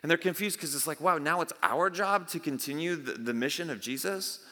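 A man's voice: a little high, brisk, sharp tone, long reverb tail. A man preaching a casual sermon as pastor, talking conversationally, acting out reactions and often restarting his sentences. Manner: conversational, acts out disciples' reactions, repeats and restarts. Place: church sanctuary.

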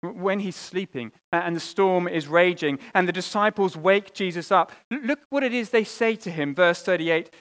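A man delivers a sermon with a voice pitched a little high. He talks earnestly, restarting phrases and repeating words, and moves between raised, emphatic appeals and soft, hushed asides. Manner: earnest, with pauses and repeated words, rising and falling between loud and quiet. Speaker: preacher.

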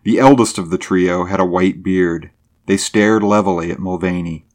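A man reads a story aloud in a steady, measured narration. His voice sits on the low side. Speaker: audiobook narrator. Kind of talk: scripted narration.

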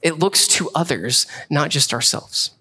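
Animated pastor preaching, higher voice. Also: male voice, husky. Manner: conversational, animated preaching with quick asides. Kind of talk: sermon.

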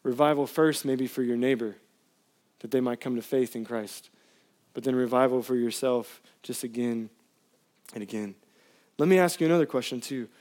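A man preaching a sermon, impassioned, climbing to pleading highs and then dropping quiet and intimate. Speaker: pastor.

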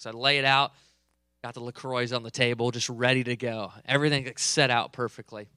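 Bright, conversational male pastor. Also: medium pitch, fairly even intonation, brisk, clean tone, dry recording. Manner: conversational, joking with the congregation. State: a bit under the weather, coughing. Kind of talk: sermon with personal story. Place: church hall, live service.

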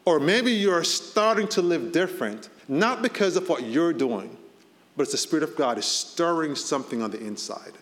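A Boston-area pastor preaches in a church hall, his medium-pitched, slightly bright voice moving at a normal pace. He's expressive and conversational, lifting his voice to stress key points, and the recording carries a long hall reverb.

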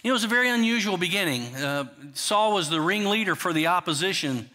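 A man's voice: high-pitched, expressive, quick pace, sharp tone. A man preaching a sermon in a conversational way, often restarting and asking the congregation questions. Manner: frequent restarts and "you know" asides. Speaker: pastor.

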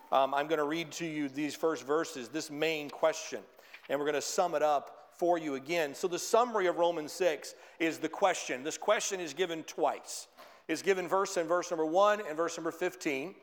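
A man preaching a sermon as pastor, emphatic, rising in pitch and force on his key points. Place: church sanctuary. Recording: long reverb of a church hall.

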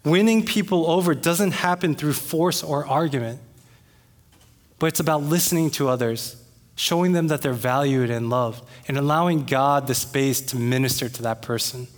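A man preaching a sermon as pastor, talking in a conversational way and becoming animated when he retells an argument. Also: fairly high pitch, moderate pace. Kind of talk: sermon with personal story. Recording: long reverb of a hall.

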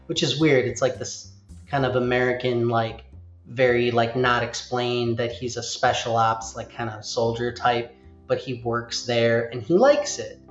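A man's voice: mid-range voice, a little slow. A man hosting a casual chat, rambling along and acting out quotes as he goes. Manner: rambling, animated, acts out quotes. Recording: roomy, slightly dull sound with faint music.

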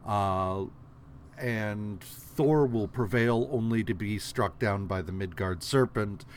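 A man's voice: on the low side, takes it slowly, a little hiss or hum. A man co-hosting a podcast, casually retelling a story in a rambling, profane way with many fillers. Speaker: podcast co-host. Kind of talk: casual comic recap chat.

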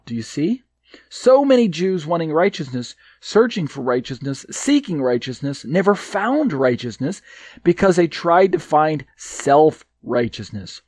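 A man's voice: a little high, darkish tone, no room sound. A man teaching from a Bible commentary he wrote, hesitant, with many fillers and restarts, and leaning hard on his key points. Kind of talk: reading and explaining a commentary.

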